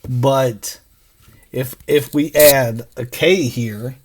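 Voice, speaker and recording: A man teaching a phonics lesson for children, sounding out letters slowly and patiently. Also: medium pitch. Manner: slow, drawn-out sounding out of letters.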